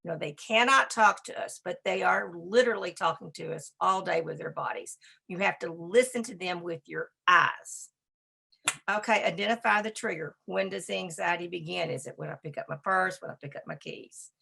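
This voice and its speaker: A woman giving a presentation on dog behavior, talking in a brisk, emphatic and conversational way. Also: on the low side, creaky, sharp tone, slightly rough. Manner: talks to a slide assistant. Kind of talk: presentation lecture.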